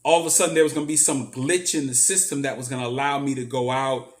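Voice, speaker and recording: A man's voice: mid-range voice, fairly even intonation, fast talker. A middle-aged man earnestly telling a personal story, emphatic and repeating himself for weight. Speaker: motivational speaker.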